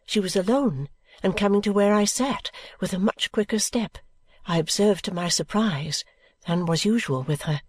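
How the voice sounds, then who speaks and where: A woman reading a novel aloud as a first-person audiobook narrator, with a calm, even storytelling delivery. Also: mid-range voice, normal speed, breathy edge, no echo. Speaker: audiobook reader.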